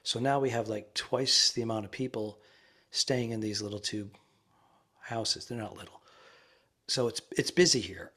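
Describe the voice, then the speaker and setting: Husky-voiced man, rambling podcast chat. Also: fairly low pitch, moderate pace, long pauses. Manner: rambling, drops to a hushed voice. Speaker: podcast co-host. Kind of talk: casual comedy podcast chat. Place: quiet ensuite room in a busy guest house.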